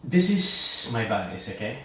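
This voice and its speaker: An Indian man co-hosts a relaxed podcast chat, animated and quick to laugh, often starting a sentence several times. His voice sits in a middle register. It's picked up from a distance in a strongly echoing room with faint background noise. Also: medium pitch. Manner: animated, frequent restarts and laughter. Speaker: podcast co-host. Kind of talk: casual chat. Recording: echoey room, distant mic.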